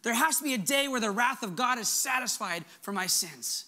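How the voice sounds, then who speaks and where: A middle-aged man delivers a sermon with earnest, emphatic conviction. His voice is bright and forward, and he often drops to a soft, hushed tone for effect. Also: very high voice, lively intonation, moderate pace. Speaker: pastor.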